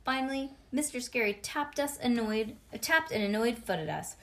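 A woman reading a children's storybook aloud to a child in an expressive, sing-song way. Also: fairly high pitch, moderate pace, very noisy. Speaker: reader.

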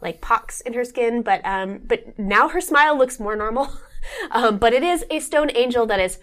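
A woman's voice: a little high, expressive, normal speed, fairly bright tone. Rambling woman game master. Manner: meandering, lots of fillers and restarts. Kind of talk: narrating a tabletop horror game.

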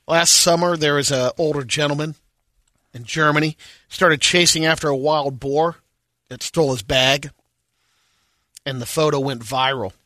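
A man co-hosting a radio show who tells a news story and presents video clips in a relaxed, chatty way. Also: a little high, moderate pace, long pauses, no room sound, clean studio sound. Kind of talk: casual radio banter.

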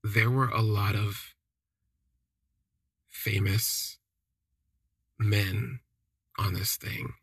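A man with a low, husky, forceful voice tells a story in a chatty, wry way and leans on casual fillers. The sound is dry and close, with no room around it. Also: steady tone, very slow, long pauses, no room sound. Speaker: podcast host. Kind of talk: casual first-person storytelling.

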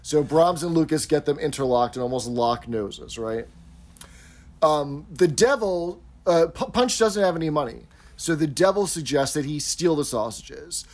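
A man's voice: on the high side, lively intonation, moderate pace, darkish tone. A man co-hosting a podcast, chatting casually and eagerly retelling scenes. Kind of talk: casual chat.

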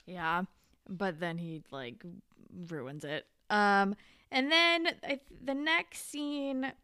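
A young woman co-hosting a casual recap chat, retelling scenes with quick quoted voices and lots of fillers. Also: mid-range voice, sharp tone, clean tone, dry recording, clean studio sound. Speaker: podcast co-host.

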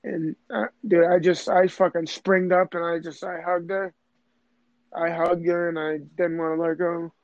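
With a fairly high pitch that barely moves, a young man speaks a little slowly, and there's no echo. He's chatting casually about something personal, rambling and emotional, full of fillers and restarts, over a dull lo-fi recording.

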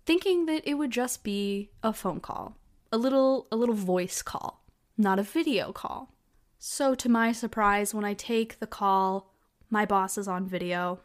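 A woman's voice: on the high side, normal speed. A woman in her twenties hosting her own podcast, telling stories in a chatty, casual way with lots of fillers. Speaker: podcast host. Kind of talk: casual solo chat.

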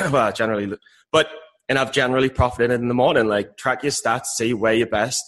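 A man's voice: mid-range voice, fairly even intonation, fast talker, fairly bright tone. A man co-hosting a podcast, chatting casually about trading in a rambling, jokey way and often repeating himself. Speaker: podcast co-host.

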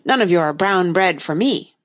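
A woman's voice: lowish voice, measured pace. Woman doing the Unicorn, eager and careless. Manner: eager, lively. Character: proud careless male unicorn.

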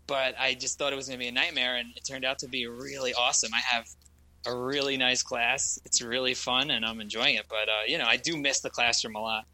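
A man, a schoolteacher, guesting on a radio chat show and telling animated, profane stories with a lot of laughter. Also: medium pitch, brisk, no echo, low-quality recording.

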